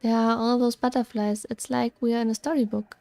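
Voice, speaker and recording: A woman's voice: a little high, little pitch movement, fairly quick, vocal fry, dark tone, no room sound. A woman reading game lines aloud as a cheerful, dreamy young woman who gushes over everything. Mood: delighted.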